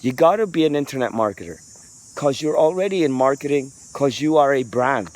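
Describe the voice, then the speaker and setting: A man's voice: medium pitch, lively intonation, brisk, darkish tone. A man vlogging outdoors on a residential street into a handheld phone, talking in a rambling, profane, street-casual way. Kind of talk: casual walking vlog rant.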